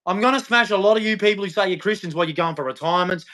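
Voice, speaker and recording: Racing along in a high, sharp-toned voice, a male vlogger delivers a preachy faith rant straight to camera. He's repetitive and heckling, constantly challenging the listener.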